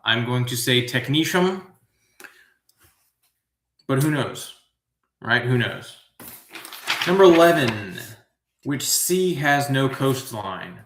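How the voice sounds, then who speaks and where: A trivia host with a mid-range voice runs a live show, reading questions at an unhurried, drawn-out pace. Between answers he drifts into relaxed, musing asides, and the sound is roomy and echoey.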